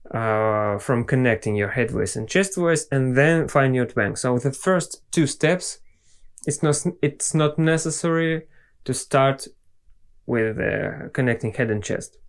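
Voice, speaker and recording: Male vocal coach, young, Russian native speaker, very slow unhurried delivery, patient explainer. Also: medium pitch, smooth. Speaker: singing teacher. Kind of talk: vocal lesson with sung demonstrations.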